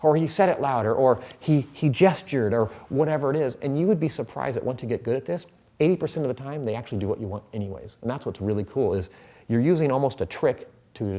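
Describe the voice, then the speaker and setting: A man of middle pitch talks through a card trick step by step, showing each move as he goes. His delivery is loose and conversational, like a magician sharing secrets with a friend. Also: mellow. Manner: chatty, explains while handling cards. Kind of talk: casual demonstration tutorial.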